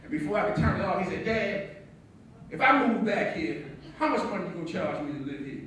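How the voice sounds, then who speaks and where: A man performs a stage comedy monologue as a strict, wry father of a grown son, telling it deadpan and teasing. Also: high voice, fairly quick, a little hiss or hum. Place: theatre stage. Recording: echoey hall from far off.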